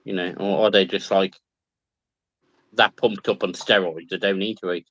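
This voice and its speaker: A man's voice: low voice, steady tone, normal speed, a bit bright, no echo, highs cut off. A man chatting casually while painting models, wondering aloud and giving short, easygoing replies.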